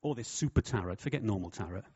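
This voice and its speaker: Man, preacher, jokey sermon, husky voice, dull lo-fi recording. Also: lowish voice, fast. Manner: lively, jokey, puts on voices for quotes. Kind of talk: sermon with humour. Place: church hall. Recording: dull, lo-fi sound.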